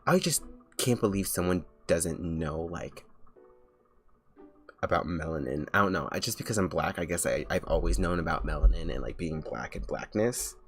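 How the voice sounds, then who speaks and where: A man's voice: sits low, expressive, moderate pace, a bit bright, husky, soft background music. A young man streaming as a vtuber, chatting casually while he draws, rambling with lots of filler words and restarts.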